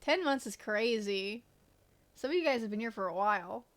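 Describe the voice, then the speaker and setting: A woman's voice: medium pitch, expressive, moderate pace, fairly bright tone. A woman game streamer in casual live-stream chat, greeting viewers and swearing offhandedly.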